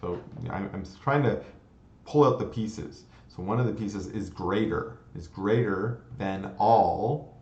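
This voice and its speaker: A man's voice: on the low side, unhurried, darkish tone. A man teaching a computer science lecture, explaining step by step, restarting phrases and checking in with "okay?". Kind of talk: recorded lecture. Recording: dull, roomy lecture recording.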